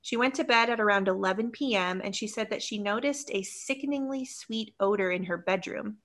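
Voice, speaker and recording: A woman's voice: medium pitch, a little fast. A woman co-hosting a casual podcast, telling an urban legend from notes and laughing often between lines. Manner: giggly, lively storyteller who laughs often. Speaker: podcast co-host.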